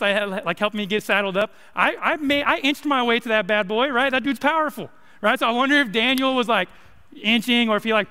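A man's voice: high-pitched, pushed and bright, clear, resonant tone. A young man preaching a casual, joking sermon as a college minister, full of likes and rights. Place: church sanctuary. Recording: long hall reverb.

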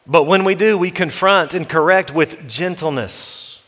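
A pastor preaching a sermon, emphatic, lifting his voice to urge the listeners and dropping it low to read scripture. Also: a little slow, a bit bright. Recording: long reverb of a large hall.

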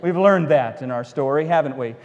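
A man preaching a sermon, retelling a Bible story with animated storytelling, acting out the characters and adding wry asides. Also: a little high, fairly quick, long reverb tail, lo-fi sound. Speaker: pastor.

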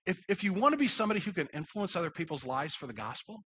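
A man's voice: high-pitched, big pitch swings, rapid-fire, a bit bright, a little hiss or hum. A middle-aged man preaching a sermon in a conversational, folksy way, telling personal stories with self-deprecating humor. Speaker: pastor.

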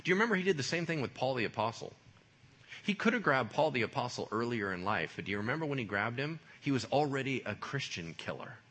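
A man preaching a sermon in a lively, conversational way, full of casual slang. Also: medium pitch, fast talker. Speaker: pastor.

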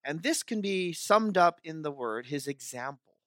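A male pastor preaching a sermon, repeating key phrases for emphasis and swinging between soft, quiet passages and loud, urgent ones. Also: a little high, animated, normal speed, dry recording.

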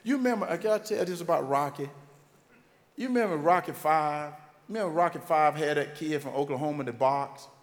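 A man from Georgia, telling emphatic, animated stories in a motivational faith talk. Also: on the high side, fairly quick, big-room sound. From Georgia, USA. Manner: animated, emphatic storytelling with repetition. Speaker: motivational speaker.

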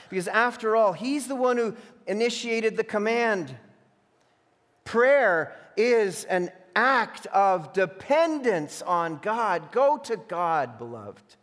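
A man preaching a sermon as a pastor, switching between emphatic declarations and hushed, imagined voices of temptation. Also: high voice, animated, slow pace. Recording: long reverb of a large hall.

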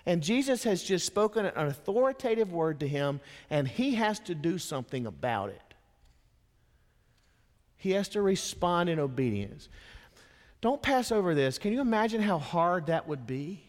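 A man preaching a sermon as a dramatic storyteller, dropping to a hush and then rising to impassioned emphasis. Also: sits high, sing-song, moderate pace. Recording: long hall reverb.

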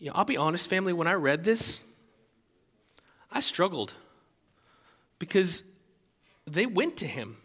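A man preaching a sermon as pastor, animated and conversational, with many restarts. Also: sits high, unhurried, long pauses, husky, long reverb tail.

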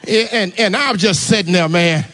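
A married man preaching a testimony sermon, telling a story and calling on the congregation to talk back, with sudden shouts. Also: high voice, fairly quick, some chatter behind. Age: adult, married. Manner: call-and-response, urging the congregation to answer.

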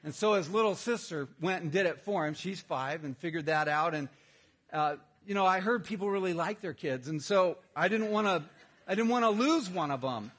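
High-voiced man preaching a story sermon. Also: lively intonation, normal speed, a bit bright. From Texas. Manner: storytelling, self-deprecating humor. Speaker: pastor.

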